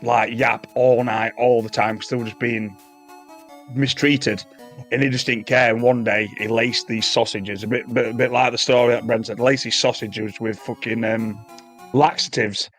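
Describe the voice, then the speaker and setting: Man co-host, mid-pitched, quick and crude in his podcast storytelling. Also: fairly even intonation, fairly bright tone, faint music behind. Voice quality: brisk, profane, laughing storyteller. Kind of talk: casual storytelling chat.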